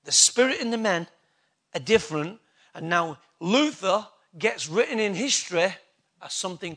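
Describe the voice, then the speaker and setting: Guy preaching, high bright voice, keeps asking the crowd questions. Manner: emphatic, rhetorical questions to the congregation. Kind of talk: sermon.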